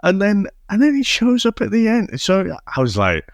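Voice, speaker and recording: A man's voice: high voice, huge pitch swings, moderate pace, dry recording. A man co-hosting a casual film podcast, talking with enthusiasm, laughing often and swearing freely. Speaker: podcast co-host. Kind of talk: casual chat.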